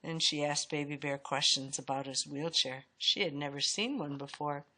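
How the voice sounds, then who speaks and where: A woman reads a children's storybook aloud in a lowish voice. Her delivery is expressive and swings up and down the way storytelling does. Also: normal speed. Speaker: storybook reader.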